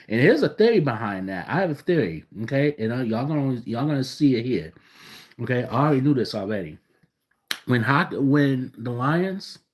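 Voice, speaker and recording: A man in an unscripted reaction rant, his voice sitting at an ordinary middle pitch. He cusses freely and swings between loud, fired-up outbursts and low, grumbling asides. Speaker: sports fan vlogger.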